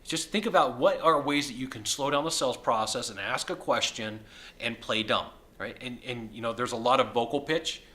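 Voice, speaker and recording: Bright-voiced, slightly hoarse man vlogging. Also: mid-range voice, normal speed. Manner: energetic, chatty, upbeat. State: losing his voice, a bit hoarse. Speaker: sales consultant. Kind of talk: casual video talk to camera. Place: hotel suite.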